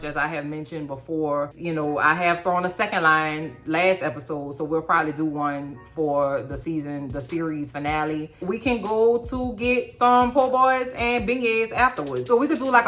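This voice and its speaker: A middle-aged woman with a New drawl talks through a TV episode in a sassy, animated way, often raising her voice for emphasis. Her voice sits on the lower side, and she records straight into her phone. Faint music plays behind her. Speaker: TV recap vlogger. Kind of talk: casual TV recap commentary.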